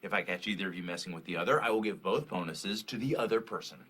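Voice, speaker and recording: A man's voice: sits low, a bit bright, slightly rough. An actor playing a bossy male office manager who lays down strict rules for his staff, in a clip from a TV comedy. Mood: stern. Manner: brisk, stern warning.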